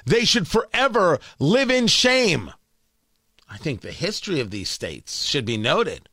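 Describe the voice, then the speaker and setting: A man with a New York accent hosts a morning talk radio show. His high voice bounces all over, and he sounds sarcastic and combative as he rambles through his rant. The sound is bright and dry, close up with no room around it. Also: very animated, measured pace, no echo.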